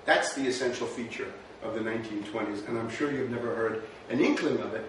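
Talking a little fast in a mid-range voice, a man lectures on history, rhetorical and chatty, checking in with "right?" again and again. It's captured in an echo-heavy lecture room by a distant mic, with faint noise.

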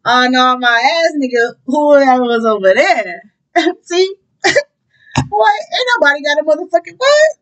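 High-voiced profane woman reading tarot. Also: a little slow, poor audio. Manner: profane, animated, breaks into song. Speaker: tarot reader. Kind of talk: casual tarot reading with singing.

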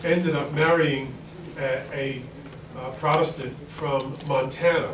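Middle-aged Queens New Yorker giving a loose, filler-heavy talk to a crowd, roomy hall sound with steady background noise. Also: mid-range voice, slow. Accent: New York (Queens). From Queens, New York. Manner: rambling, folksy, with many fillers and restarts. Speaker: congressman speaking at a forum. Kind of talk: informal speech to an audience. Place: large event hall with an audience. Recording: echoey hall recorded from far off.

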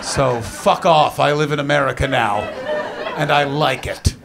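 A man doing a live stand-up routine, loud and profane, shouting his punchlines. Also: mid-range voice, measured pace, vocal fry, heavy background noise. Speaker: stand-up comedian. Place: large comedy venue with live audience. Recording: live stage mic with crowd. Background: audience laughter.

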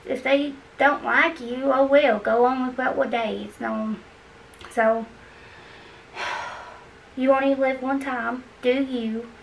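A woman's voice: high voice, fairly even intonation, takes it slowly, creaky, long pauses, recorded from a distance, slight background noise, poor audio. A woman chatting to her viewers while cleaning, out of breath, rambling and encouraging. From Kentucky. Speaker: cleaning vlogger. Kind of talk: casual chat to camera.

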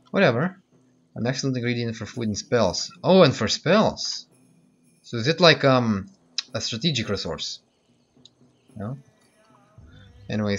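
A man's voice: fairly low pitch, fairly bright tone. Let's-play host, male, hesitant and chatty; dull lo-fi mic over faint game music. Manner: thinking aloud, hesitant with many fillers. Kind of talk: casual gameplay commentary.

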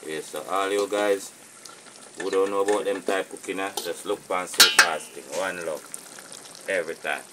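A Jamaican man with a remarkably deep voice hosts his outdoor cooking channel. He talks to his viewers in a loose, patois-flavoured way. Frying sizzle and the clatter of pots carry clearly behind him. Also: steady tone, normal speed, noisy background. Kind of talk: casual cooking vlog. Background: frying sizzle and pot clatter.

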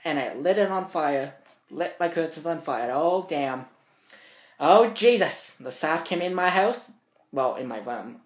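An eighteen-year-old man vlogging from his bedroom, telling stories in a rambling, profane, animated way. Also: fairly high pitch, normal speed. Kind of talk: casual storytelling to camera. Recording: roomy bedroom echo.

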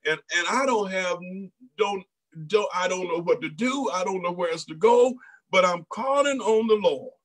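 A man preaches a sermon in a high, ringing voice. He repeats himself for emphasis, drops in exclamations, and acts out the people he quotes. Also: lively intonation, normal speed, rough recording. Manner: preaching in a folksy Black church style, with repeats and exclamations. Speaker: pastor.

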